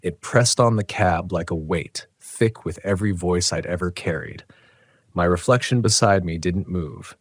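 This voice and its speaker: A man telling a first-person horror story in a tense, dramatic, measured way. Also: low voice, no echo. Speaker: narrator.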